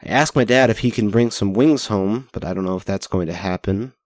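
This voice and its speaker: A man's voice: on the low side, fairly quick, darkish tone, dry recording, studio quality. A young man hosting a casual spoken-journal podcast, rambling and self-deprecating, swearing casually into a headset mic. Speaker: podcast host. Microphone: headset mic with pop filter.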